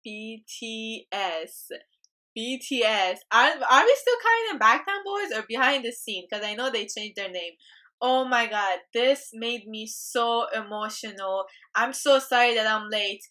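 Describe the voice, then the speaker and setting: A woman's voice: on the high side, animated, normal speed, sharp tone. A young woman reacting to a music video as a YouTube host, chatty and gushing with emotion.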